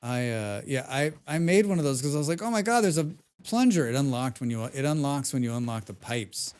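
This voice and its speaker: A man thinks aloud while streaming a building game from home. He mutters, hums little tunes and swears casually, in a voice of everyday middle pitch. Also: fairly quick, a little mellow, smooth. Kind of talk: casual live-stream commentary.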